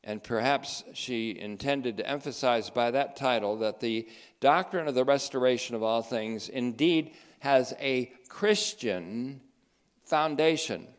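A man giving spoken theology commentary, emphatic and sardonic, reading quotations slowly with heavy stress. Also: mid-range voice. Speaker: teacher of a theology group.

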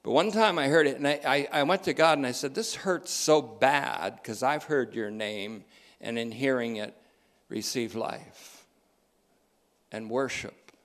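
A man with a mid-range, fairly bright voice preaches with emphasis, returning to key phrases repeatedly. He alternates between slowing down and picking up speed.

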